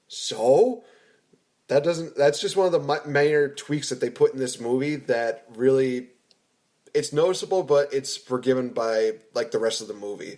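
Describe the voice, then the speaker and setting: A man's voice: mid-range voice, moderate pace, a little mellow. Easygoing man hosting a podcast. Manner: easygoing, restarts often. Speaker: podcast host. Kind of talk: casual movie review chat.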